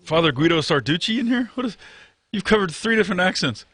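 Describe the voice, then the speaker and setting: A man co-hosting morning radio, dropping dry, teasing asides at a middle pitch. His voice is close and dry with no room sound. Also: expressive, fast, a bit bright, no room sound. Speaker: radio co-host.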